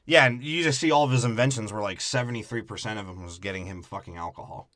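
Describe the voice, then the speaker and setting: A man's voice: lowish voice, quick pace, a bit bright, no echo, studio quality. A man co-hosting a comedy movie podcast, riffing crudely and slipping into character voices. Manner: riffs with put-on character voices. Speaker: podcast co-host.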